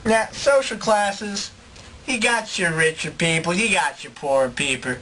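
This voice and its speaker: A man's voice: high voice, unhurried, pushed and bright, a little hiss or hum, poor audio. A man narrating a mock history documentary in an offhand, listing way. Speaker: comedy video host.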